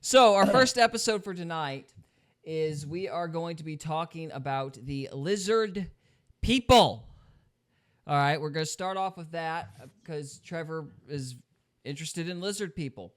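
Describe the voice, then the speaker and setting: A man hosting a podcast with a bright, forward tone and a voice pitched a touch above most men. He is upbeat and joking, laughing easily while he chats. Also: lively intonation, a little slow, clean tone. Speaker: podcast host. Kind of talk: casual podcast chat.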